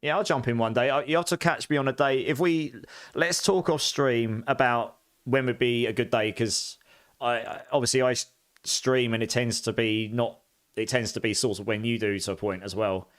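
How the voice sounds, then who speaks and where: A man from near London with an Essex accent touched with posh, chatting through live gameplay and quick to laugh. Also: medium pitch, steady tone, a bit bright. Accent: Essex mixed with a bit of posh English. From near London, England. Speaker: streamer.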